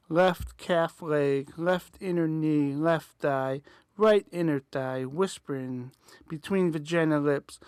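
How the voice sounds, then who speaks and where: A man reading a dark story aloud in a slow, deliberate way. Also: a little high, clear, resonant tone, dry recording.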